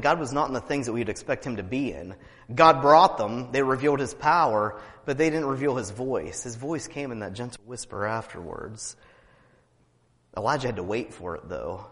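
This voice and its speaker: A man preaching a sermon as pastor, reading scripture loudly and dropping to quiet, joking asides. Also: mid-range voice, long reverb tail.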